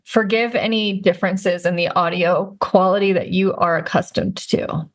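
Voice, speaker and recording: A woman's voice: lowish voice, fairly even intonation, moderate pace. A woman in her thirties, a life and career coach hosting a podcast, talking in a rambling, upbeat way and laughing often. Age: 30s. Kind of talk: chatty podcast talk. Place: recording remotely, not in the same room as her co-host.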